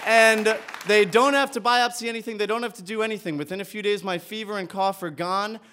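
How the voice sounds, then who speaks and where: A man with a fairly high voice tells a personal story on stage. He speaks earnestly and with animation, and the audience laughs along. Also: fairly even intonation, fairly quick, crowd noise, background noise. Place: stage before a live audience.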